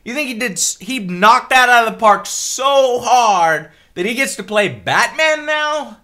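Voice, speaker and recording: High bright-voiced man ranting. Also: animated, unhurried. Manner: exasperated, heavy swearing, repeats himself. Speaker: vlogger. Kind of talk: angry rant to camera.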